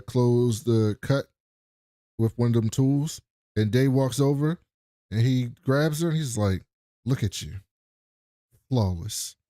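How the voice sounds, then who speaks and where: An animated man recaps a show with his co-host, swearing freely and slipping into voices for the characters he quotes. His voice sits at an everyday middle pitch. The recording is dry and close. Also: no echo. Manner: animated, profane, acts out quotes in funny voices. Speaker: podcast co-host. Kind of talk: casual recap chat.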